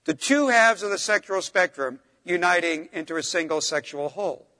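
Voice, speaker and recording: Man, sermon, high and bright voice, emphatic, rises on key words, drops soft for asides. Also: expressive, normal speed, in a large hall. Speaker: preacher.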